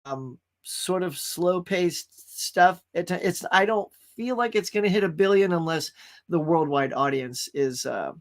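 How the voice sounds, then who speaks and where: A man's voice: high voice, animated, a little slow. A man hosting a casual pop culture live stream, rambling enthusiastically about movies and greeting viewers in the chat.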